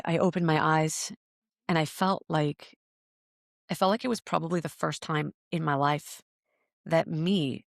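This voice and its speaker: Gravelly and low-pitched, this breathwork teacher's voice comes through a dry, studio-quality recording. She is guesting on a podcast, telling her story reflectively and earnestly, often repeating words while she searches for what to say.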